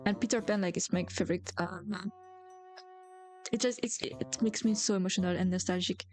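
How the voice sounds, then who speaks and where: A woman's voice: mid-range voice, fairly even intonation, a little fast, darkish tone, soft background music. A young adult woman, a native French speaker, chatting casually on a stream, rambling with lots of filler words and giggles. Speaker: VTuber streamer.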